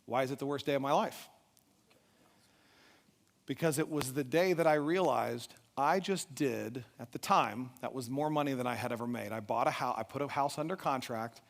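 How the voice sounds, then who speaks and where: A middle-aged man giving a motivational talk at a live event, telling a personal story with animated delivery and asking the audience questions. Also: medium pitch, normal speed, vocal fry. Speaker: event speaker. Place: large event hall. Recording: echoey hall reverb.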